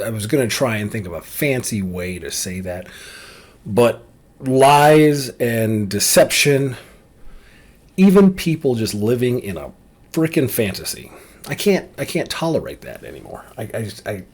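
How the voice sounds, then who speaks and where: A man's voice: medium pitch, big pitch swings, measured pace, a little mellow, slightly rough. A man ranting casually and bluntly to camera, opinionated and rambling, with frequent restarts. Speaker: vlogger.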